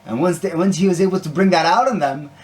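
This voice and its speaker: Over guitar music, a man speaks quickly in a high voice, sharing a brief Torah lesson and story in a conversational way. He teaches Torah and sings, and his talk is dotted with Hebrew and Yiddish words.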